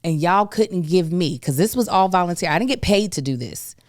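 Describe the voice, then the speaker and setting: A woman hosting a podcast, telling a story in a casual, emphatic, animated way with folksy asides. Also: fairly low pitch, moderate pace, no echo, clean studio sound. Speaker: podcast host.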